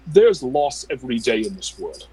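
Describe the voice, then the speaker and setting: Man voicing a grim warlord, husky, swinging pitch, angry and bitter. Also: sing-song, normal speed, mellow, no echo, poor audio. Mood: bitter, defiant. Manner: angry, scornful speech. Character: defiant male warrior leader, bitter and grim. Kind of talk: tabletop role-play.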